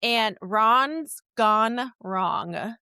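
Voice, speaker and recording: Mulher tagarela, som seco e próximo. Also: female voice, on the high side, extremely slow, bright, forceful tone, smooth, no room sound, studio quality. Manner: chatty, rambling, many fillers. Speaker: podcast co-host. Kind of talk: casual chat.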